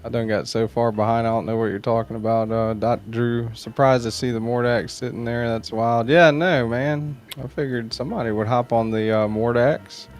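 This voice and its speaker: Gravelly laid-back man hosting a livestream. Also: medium pitch, steady tone, normal speed, few pauses, faint music behind. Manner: laid-back, rambling, greets viewers by name. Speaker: knife channel livestream host. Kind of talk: casual livestream chat reading viewer comments.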